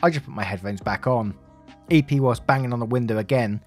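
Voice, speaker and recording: A man narrating online stories for his channel in a middle pitch, breaking off for casual, chatty asides to viewers. Quiet music runs faintly under his voice. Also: brisk. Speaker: story narrator. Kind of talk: reading online stories aloud.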